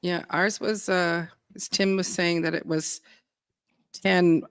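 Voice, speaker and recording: A woman's voice: on the low side, little pitch movement, slow pace, smooth, no echo. Chatty woman hosting a gardening stream. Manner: chatty, greets viewers and reads out chat comments. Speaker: gardening show host. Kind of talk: casual live-stream chat.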